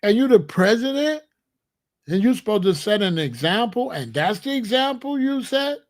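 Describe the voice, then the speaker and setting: A man's voice: high voice, big pitch swings, moderate pace. A man hosting solo political commentary, talking emphatically and repeating incredulous rhetorical questions. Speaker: commentary channel host.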